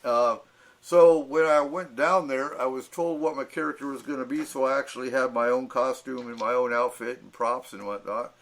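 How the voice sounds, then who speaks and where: A man's voice: mid-range voice, steady tone, moderate pace, fairly bright tone. A man hosting a radio talk show in casual chat, telling anecdotes with fillers and acting out the voices of people he quotes. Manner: storytelling, acts out quoted voices; laughs often, frequent fillers.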